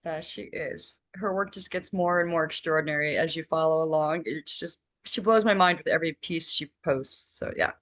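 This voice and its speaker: A woman's voice: low voice, moderate pace, few pauses, fairly bright tone. A woman co-hosting a podcast, asking questions in a friendly, enthusiastic way. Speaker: podcast co-host. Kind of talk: casual conversation.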